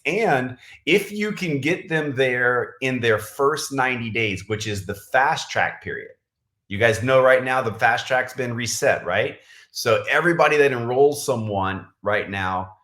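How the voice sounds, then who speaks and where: A man's voice: mid-range voice, a bit bright, echoey room. A man leading a casual livestream training for his sales team, rambling with lots of fillers and self-corrections. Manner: says he is talking really fast. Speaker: direct-sales team leader. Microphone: camera mic on livestream.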